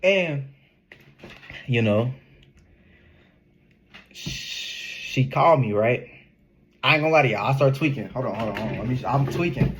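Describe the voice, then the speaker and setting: A young man telling a casual storytime in an animated, slangy way, laughing often. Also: medium pitch, measured pace, long pauses, husky. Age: young adult. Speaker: vlogger.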